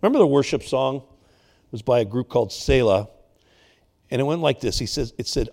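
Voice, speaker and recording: A man in his sixties, a pastor, preaching a sermon and telling personal stories, swinging between loud, emphatic bursts and quiet asides. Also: medium pitch, lively intonation, moderate pace, vocal fry, long pauses.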